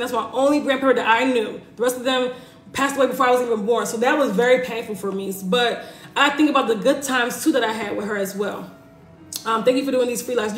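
A woman's voice: high-pitched, fairly bright tone. A woman hosting a live stream, chatting casually and reassuringly while she reads out and answers viewers' comments. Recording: echoey room.

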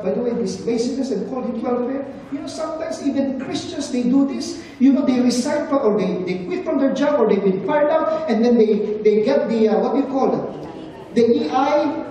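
Preacher in a booming echoey hall. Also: animated, moderate pace, dark tone. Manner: earnest, asks the congregation questions. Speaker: pastor. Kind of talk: sermon. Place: church service in a large hall. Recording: very echoey hall, distant mic, faint noise.

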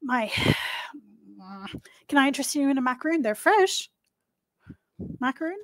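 A woman's voice: high-pitched, sing-song, unhurried, no echo, studio quality, voice pushed up. A woman voicing a flustered male dragon disguised as a human baker, fussy and overeager as he fusses over his guests in a tabletop game. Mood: eager. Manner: fussy, chatty, overeager host.

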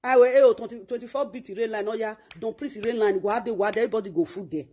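A woman's voice: on the high side, rapid-fire, mellow, husky. A woman with a Nigerian Pidgin accent, ranting and scolding in a mocking, insulting way. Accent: Nigerian Pidgin English. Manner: refers to herself in third person. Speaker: online commentator. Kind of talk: ranting monologue.

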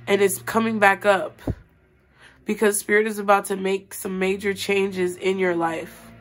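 Slow-talking woman tarot reader. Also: medium pitch, level tone, faint music behind. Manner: slow, earnest, speaks directly to viewers; rambling, spiritual, plainspoken. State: crying, voice rising and breaking. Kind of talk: tarot reading monologue.

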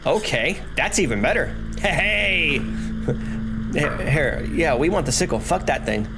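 A man giving casual, profane let's-play commentary, excitable and laughing. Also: fairly high pitch, normal speed, over loud music. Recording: noisy home recording.

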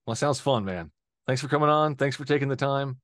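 A man's voice: medium pitch, brisk, a bit bright, slight background noise. A man hosting a podcast, chatting casually and reading his outro, with a playfully skeptical, teasing manner. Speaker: podcast host.

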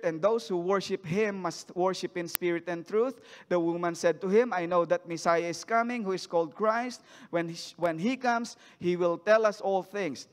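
Male preacher, high voice, reading scripture and questioning the church, long hall reverb. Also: clean tone. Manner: reads scripture then asks the congregation questions. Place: church sanctuary.

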